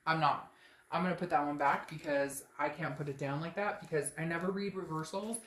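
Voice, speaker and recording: A woman's voice: sits low, steady tone, a little fast, echoey room, slight background noise. A woman giving a casual tarot reading, rambling, joking and blunt, swearing freely as she goes. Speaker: tarot reader.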